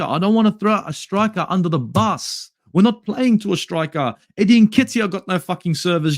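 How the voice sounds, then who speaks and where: Australian man, football channel host, angry swearing rant, animated pitch, dry sound. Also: no room sound. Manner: angry, swearing, exasperated ranting. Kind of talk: ranting match review. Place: home in Sydney at night.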